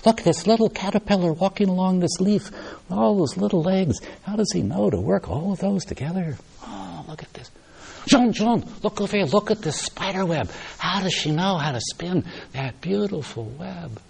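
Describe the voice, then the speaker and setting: A playful old priest with a heavy French accent, as a man puts him on, coaxing a friend to look at small wonders in nature. The voice climbs high above the teller's own. It stays bright and gently eager. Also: lively intonation, very fast, vocal fry, hardly any pauses, slightly rough, heavily acted, low-quality recording. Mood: enchanted.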